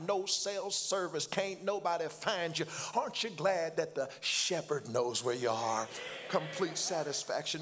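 A man preaching a sermon, calling for responses from the congregation and rising to shouts. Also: on the high side. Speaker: pastor. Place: church.

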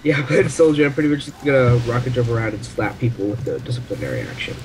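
A teenage boy trading quick, teasing banter with a friend as they play. His voice sits at a middle pitch, with a faint hiss behind it. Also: lively intonation. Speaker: gaming friend. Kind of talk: casual gameplay chat.

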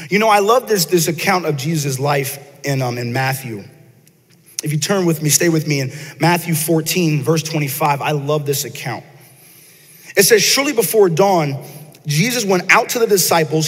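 Lively preacher man in a reverberant church. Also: sits high, husky. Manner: lively, conversational, repeats words and asks the congregation questions. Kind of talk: sermon. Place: church sanctuary. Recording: long church hall reverb.

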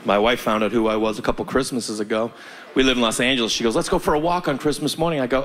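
A man's voice: medium pitch, fast talker, slight background noise. A man doing stand-up comedy on a club stage, telling stories and acting out the other people's voices. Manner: animated storytelling, acting out voices.

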